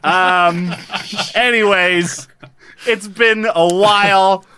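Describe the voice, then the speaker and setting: A man hosting a podcast in casual chat, jokey and quick to laugh. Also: high voice, steady tone, bright, forceful tone. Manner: jokey, laughs often, reads recap lines in a put-on Midwestern voice. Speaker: podcast host.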